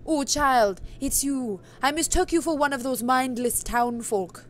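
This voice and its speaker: A woman voicing a mysterious older witch shopkeeper, pushing her voice deep and trying an accent that keeps slipping, while reading game dialogue aloud. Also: moderate pace, slight background noise, close to an everyday voice. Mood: wary. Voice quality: deepened voice, wobbly attempted accent.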